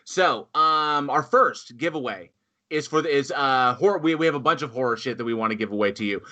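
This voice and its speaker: Male podcast host, bright tone, casual and profane. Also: mid-range voice, a little fast. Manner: swearing, scattered and laughing. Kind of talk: livestream chat. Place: home office.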